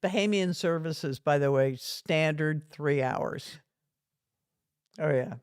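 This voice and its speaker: A woman's voice: low voice, slow pace, darkish tone, smooth, no echo, clean studio sound. A woman guest, a retired reverend, telling personal stories earnestly with small chuckles. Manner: earnest, chuckles through anecdotes. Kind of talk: storytelling in conversation.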